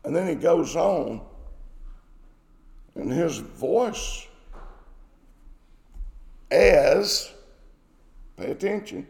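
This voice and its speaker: Gravelly preacher in an echoey hall. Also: male voice, on the high side, big pitch swings, drawn-out words, long pauses, darkish tone. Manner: emphatic, repeats phrases for stress. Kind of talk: sermon. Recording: echoey hall with long reverb.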